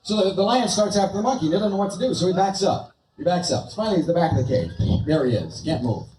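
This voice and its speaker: American comedian guy rambling through his act, lively voice, far from the mic in a big echoey room. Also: sits high, fast. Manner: rambling storytelling, with restarts and asides. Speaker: stand-up comedian. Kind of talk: stand-up routine. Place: large venue, live audience. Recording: echoey hall, distant mic, crowd noise.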